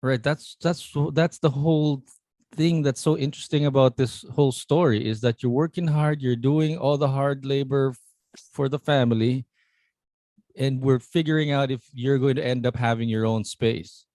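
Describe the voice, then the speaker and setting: A man's voice: mid-range voice, steady tone, normal speed, mellow, no room sound, clean studio sound. A man co-hosting a casual podcast, chatting and teasing his co-host. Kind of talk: casual chat.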